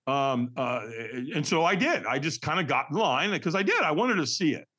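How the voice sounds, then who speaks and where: A man telling a personal story as a podcast guest, energetic and vivid, acting out what others said. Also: a little high, normal speed, husky. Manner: energetic, acts out quoted voices, frequent restarts. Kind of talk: animated storytelling.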